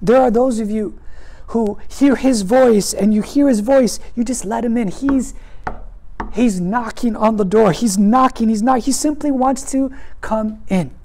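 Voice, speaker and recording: Earnest mellow-voiced male pastor preaching. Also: very high-pitched, a little slow, slight background noise. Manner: earnest, emphatic preaching with repetition. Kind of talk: sermon.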